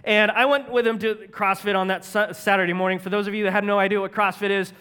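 Male pastor, bright voice, funny self-deprecating sermon story. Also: sits high, little pitch movement, fast, clear, resonant tone.

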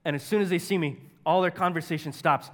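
A man's voice: fairly high pitch, quick pace, fairly bright tone, a little hiss or hum. A man preaching a sermon as a humorous, self-deprecating story. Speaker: pastor.

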